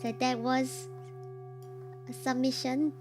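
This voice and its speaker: A woman streamer with a hoarse, croaky voice, chatting casually and reacting expressively to horror stories, quick to laugh and repeating her exclamations. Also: high-pitched, flat delivery. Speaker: streamer hosting a story night. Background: soft ambient music.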